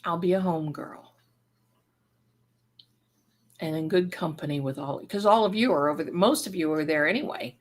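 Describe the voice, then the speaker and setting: A woman's voice: fairly low pitch, normal speed, pauses often. A woman hosting a live stream who reads viewers' chat aloud and showers them with endearments, in a rambling, effusive way that often breaks off mid-thought. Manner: rambling, self-interrupting. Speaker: livestream host and spiritual reader.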